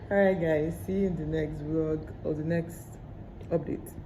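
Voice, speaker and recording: Pregnant woman vlogger with a Nigerian accent, low-pitched and reflective, recorded in a roomy, echoey space. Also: steady tone, measured pace, background noise. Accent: Nigerian English. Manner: chatty, candid and reflective. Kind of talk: casual vlog chat. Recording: roomy echo.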